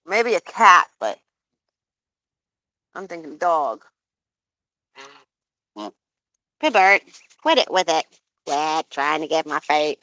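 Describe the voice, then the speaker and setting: A woman's voice: low-pitched, lively intonation, takes it slowly, long pauses, bright, forceful tone. A young woman live-streaming outdoors by phone, cooing in baby talk to her pet geese and chatting to viewers. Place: outdoors with geese and other animals.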